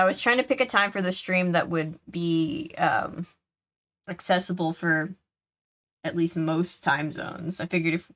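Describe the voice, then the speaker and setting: A woman hosting a live game stream, chatting casually, laughing often and answering her chat aloud. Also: on the low side.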